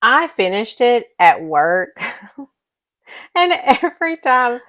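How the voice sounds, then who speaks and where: A woman's voice: a little high, slow, no echo. A woman co-hosting a podcast, telling stories in casual chat with mock exasperation. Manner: animated storytelling, mock-exasperated. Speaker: podcast co-host.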